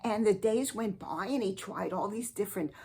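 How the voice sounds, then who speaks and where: A woman hosting a spiritual advice show, giving a slow, earnest and sweetly eccentric comic monologue. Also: medium pitch, darkish tone, breathy edge.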